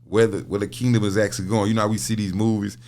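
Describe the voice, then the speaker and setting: A man's voice: on the low side, little pitch movement, racing, a little mellow, a little hiss or hum. A middle-aged man talking as a podcast guest in casual conversation, telling stories with repeated words and frequent laughter. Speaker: podcast guest, prison minister. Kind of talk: casual interview talk.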